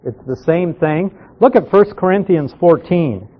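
Man, pastor, Bible class teaching, slightly high voice, dull lo-fi recording. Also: animated. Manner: explains slowly, repeats key words for emphasis. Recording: dull lo-fi sound.

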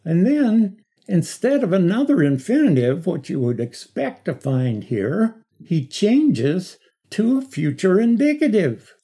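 A middle-aged man teaching a Bible study lecture, explaining slowly and stressing key words with emphatic repetition. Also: sits high, huge pitch swings, warm tone, slightly rough.

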